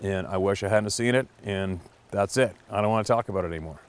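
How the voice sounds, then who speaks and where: Blunt low-voiced man telling a story. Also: fast talker, smooth. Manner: blunt, profane, animated retelling. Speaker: storyteller host. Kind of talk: casual spoken storytelling.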